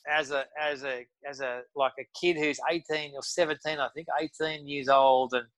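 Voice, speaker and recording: Aussie guy yarning away, bright forceful voice, dry close sound, lots of um and you know. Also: a little high, steady tone, normal speed, no echo, poor audio. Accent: Australian. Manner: rambling with many restarts and fillers. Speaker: guest. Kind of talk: casual storytelling.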